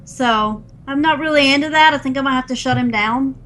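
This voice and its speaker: A woman's voice: high voice, brisk, fairly bright tone, rough recording. A young woman co-hosting a casual gaming podcast, chatty and laughing often, acting out game characters' lines as she tells stories. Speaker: podcast co-host.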